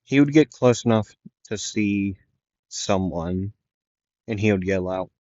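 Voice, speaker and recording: Tired, hesitant male storyteller; slow and low, muffled dry lo-fi sound. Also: warm tone, no room sound. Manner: rambling, hesitant, apologetic. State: tired, yawning. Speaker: fan storyteller. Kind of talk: improvised fan fiction narration. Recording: dull lo-fi dry recording.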